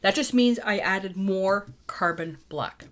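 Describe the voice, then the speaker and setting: A middle-aged woman gives a casual painting tutorial, her voice at an ordinary middle pitch. She is chatty and talks her thoughts out loud as she mixes colours. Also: slow. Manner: chatty, thinks aloud while mixing paint. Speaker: painting teacher.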